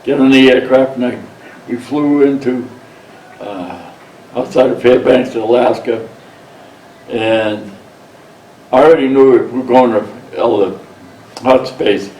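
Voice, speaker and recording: Slow-talking older man in a roomy space. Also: mid-range voice, a little mellow. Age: 70s. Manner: blunt and profane, retells scenes by quoting himself. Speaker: veteran interviewee. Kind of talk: oral history storytelling. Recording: roomy sound, mic set at a distance, faint background ambience.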